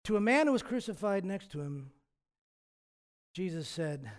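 A man with a slightly higher-than-usual voice delivers a sermon as a pastor. His preaching is reflective and conversational. He often stumbles and restarts mid-phrase as he works through his points. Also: sing-song, moderate pace.

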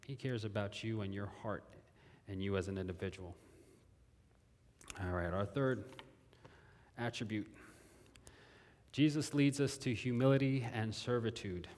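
A man's voice: on the low side, steady tone, measured pace, long pauses, a little mellow, a little hiss or hum. A man preaching a sermon in a conversational way, repeating phrases and asking his listeners questions. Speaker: pastor. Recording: long hall reverb.

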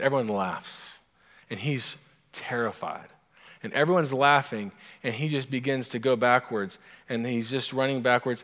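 Male pastor, mid-pitched, chatty storytelling sermon with asides, big reverberant sanctuary. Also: a bit bright. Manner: conversational, self-interrupting storyteller with asides to the congregation. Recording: long hall reverb.

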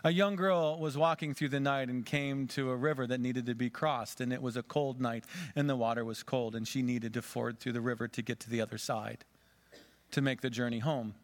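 A pastor in his forties preaches a sermon built around a dramatic story, shifting his loudness and pace. His mid-range voice is steady and fairly quick.

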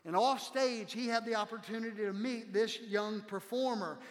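A male pastor preaching a sermon to his congregation, impassioned, dropping to hushed tones for quoted lines. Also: high voice, moderate pace. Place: church sanctuary. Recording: long hall reverb.

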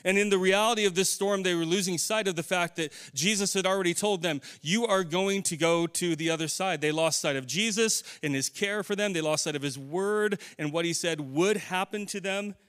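A man's voice: high-pitched, fairly quick, few pauses, fairly bright tone, clear, resonant tone. A middle-aged man preaching a conversational sermon, putting questions to his congregation. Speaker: pastor.

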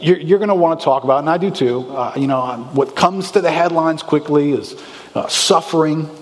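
A man's voice: fairly high pitch, long reverb tail. A man preaching a sermon as a pastor, talking conversationally with the congregation, asking rhetorical questions and acting out anxious inner voices.

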